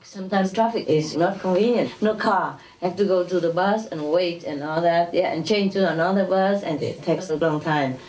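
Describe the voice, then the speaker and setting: A woman's voice: on the low side, normal speed, hardly any pauses, darkish tone. A woman giving an informal spiritual lecture to an audience, talking conversationally with chuckles and tag questions like "you know". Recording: echoey hall, distant mic, faint noise.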